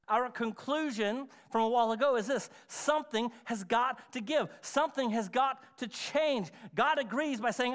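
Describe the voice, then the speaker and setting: Man, pastor, church sermon, high voice, emphatic, dramatic pauses, repeats key words. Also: fairly bright tone. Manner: emphatic, conversational preaching with dramatic pauses and repetition. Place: church sanctuary.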